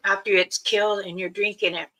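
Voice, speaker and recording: A woman hosting a casual livestream, giving slow, loosely strung warnings and advice to her viewers. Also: medium pitch, little pitch movement, sharp tone, rough recording. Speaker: livestream host.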